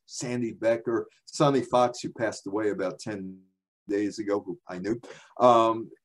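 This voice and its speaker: Speaking in a lowish, slightly breathy voice, a New York-area man who sounds to be in his sixties tells stories during a library presentation with slides. The talk is chatty, sprinkled with asides and rhetorical questions.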